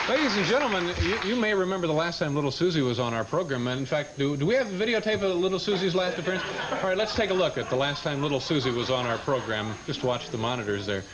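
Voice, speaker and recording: A man's voice: a little high, fast, highs cut off. A man hosting a late-night comedy sketch, playing a flustered, fatherly scolder. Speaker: talk show host. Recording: noisy TV broadcast with loud studio audience.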